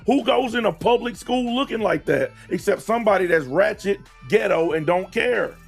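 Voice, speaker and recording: A fairly high-voiced man argues bluntly on a casual podcast. He swears freely and drags his words out to hammer each point home. Music plays faintly underneath. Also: lively intonation, vocal fry, husky. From American South. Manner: blunt and emphatic, profane, slows down to stress points. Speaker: host.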